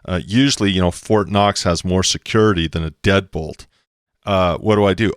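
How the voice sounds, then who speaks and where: Deep-voiced man, emphatic podcast talk. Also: moderate pace, no echo, clean studio sound. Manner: emphatic, acts out quoted exchanges. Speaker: co-host explaining investing.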